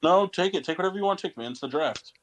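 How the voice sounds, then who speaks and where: A young man co-hosting a casual podcast, loud and swearing in mock outrage among friends. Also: sits high, expressive, rapid-fire. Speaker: podcast co-host.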